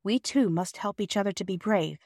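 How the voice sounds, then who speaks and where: A woman's voice: mid-range voice, moderate pace, a little mellow, no echo, clean studio sound, lightly acted. A woman reading a storybook aloud, voicing a firm, reassuring mother. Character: loving mother, steady and proud.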